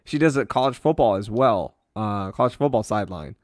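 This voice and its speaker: A man's voice: lowish voice, a little fast, no room sound. Brief: man, podcast co-host, fired-up mocking rants, bone-dry close sound. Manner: animated, ranting, mocking. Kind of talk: casual chat.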